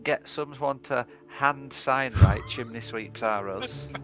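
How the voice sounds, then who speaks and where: Male player, casual banter, jokey, mid-pitched. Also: takes it slowly, music in the background. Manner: joking, plays up absurd plans. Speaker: tabletop game player. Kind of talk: casual chat out of character.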